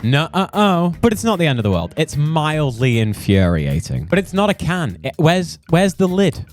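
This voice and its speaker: A man's voice: a little high, big pitch swings, moderate pace, a little mellow, faint music behind. A young British man doing comedic, mock-outraged ranting commentary as a streamer, swearing and exaggerating. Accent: British English. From United Kingdom. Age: young adult.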